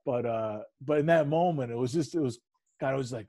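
A man in his thirties co-hosting a casual sports chat, rambling and animated, swearing freely and laughing often. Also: mid-range voice, fairly quick. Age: 30s. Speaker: podcast co-host.

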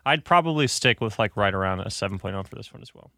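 A man on a casual podcast panel giving a relaxed rating, talking with many fillers. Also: fairly low pitch, fast talker, no room sound, clean studio sound. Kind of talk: casual chat.

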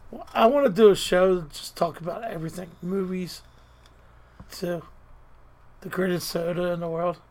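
A man's voice: high-pitched, moderate pace, pauses often, a little mellow, slight background noise. A man co-hosting a casual podcast, joking and jumping between topics. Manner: playful, scattered, joking. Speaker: podcast co-host. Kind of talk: casual chat.

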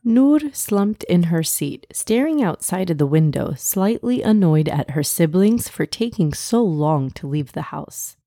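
A woman's voice: fairly low pitch, no room sound. A woman hosting and narrating a children's story podcast, upbeat and talking straight to young listeners. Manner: warm, upbeat, addresses kids directly.

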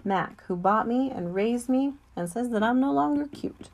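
Woman audiobook reader, calm and measured storybook narration. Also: fairly high pitch, gravelly.

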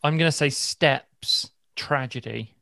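A man's voice: mid-range voice, slow pace, gravelly, pushed and bright, no echo. A man joining a casual quiz with friends, answering in a dry, wry way. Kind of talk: casual banter.

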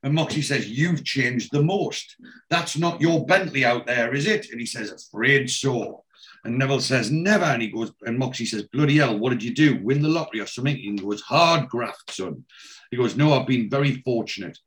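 A man's voice: mid-range voice, normal speed, a bit bright. A man chatting casually as a podcast host, retelling scenes and reading out characters' lines with plenty of ums. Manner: reads out character lines in a plain retelling voice, many fillers. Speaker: podcast host recapping a TV episode.

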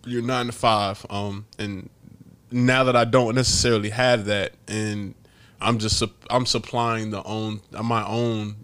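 A man's voice: lowish voice, little pitch movement, measured pace, a bit bright, clean tone. A man hosting a podcast, telling stories casually, laughing often and swearing freely. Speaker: podcast host. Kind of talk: casual storytelling.

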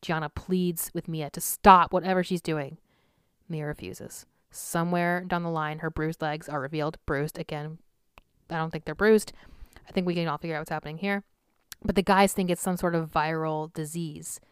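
A woman's voice: deep voice, fairly even intonation, moderate pace, smooth, no echo, studio quality. A woman recapping and reviewing a film in a casual, rambling way, with lots of fillers, restarts and sighs. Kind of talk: casual spoken movie recap.

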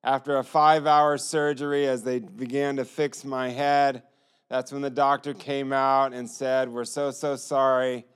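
A man's voice: mid-range voice, level tone, measured pace, smooth. A man telling his personal testimony in an earnest storytelling manner, acting out the lines of others. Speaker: testimony speaker.

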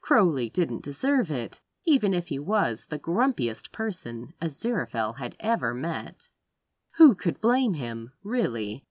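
A woman reading a romance story aloud as narrator, with expressive delivery. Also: no room sound. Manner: expressive narration with wide pitch swings. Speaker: audiobook narrator.

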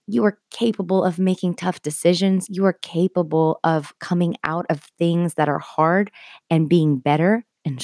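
A woman's voice: on the low side, darkish tone, dry recording, clean studio sound. A woman in her thirties hosting a podcast, giving an earnest, heartfelt talk of faith-based encouragement with casual asides. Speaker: podcast host.

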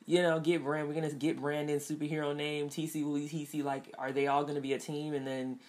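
Woman with a deep-ish voice rambling thru a show review, lots of ums and laughing. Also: level tone, brisk, darkish tone. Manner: chatty, laughs often, many fillers. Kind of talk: casual review chat.

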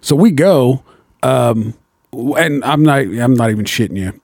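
A man's voice: medium pitch, lively intonation, measured pace, gravelly, darkish tone, dry recording, studio quality. A man telling a profane story in a casual chat, breaking into laughter now and then.

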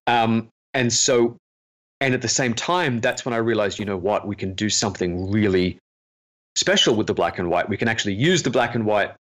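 A man's voice: on the low side, normal speed, fairly bright tone. A man, a film director, chatting earnestly in an interview and telling stories with self-deprecating humor. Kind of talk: casual interview chat.

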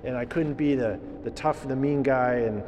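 A man's voice: medium pitch, normal speed, a little mellow, slight background noise, voice pushed down, natural voice. A man voicing a petulant, self-pitying prophet who whines like a toddler, in an echoey church. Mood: grumbling. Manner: whiny, self-pitying complaining.

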